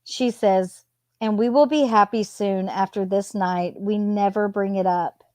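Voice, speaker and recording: A woman's voice: mid-range voice, steady tone, unhurried, dark tone, no room sound. A woman casually reading out text messages at home, adding sarcastic asides between them. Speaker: true crime commentator reading text messages. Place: home with a cat nearby.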